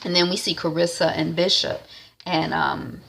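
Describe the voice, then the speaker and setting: A woman's voice: lowish voice, fairly even intonation, moderate pace, gravelly, a bit bright, slight background noise. A woman casually recapping a TV episode, rambling with frequent fillers and "and she's like". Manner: rambling, full of "um" and "is like". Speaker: TV recap vlogger.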